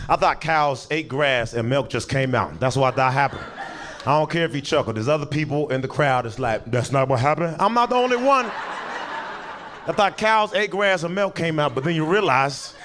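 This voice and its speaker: A man's voice: a little high, a bit bright, slight background noise. A young man doing stand-up comedy, telling stories in a loose, conversational way and laughing often. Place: comedy stage with audience.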